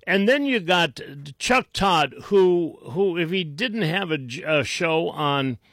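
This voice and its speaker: A man's voice: on the high side, slow pace, a bit bright, dry recording, clean studio sound. A man hosting a talk radio show, mocking and combative in tone, with frequent restarts.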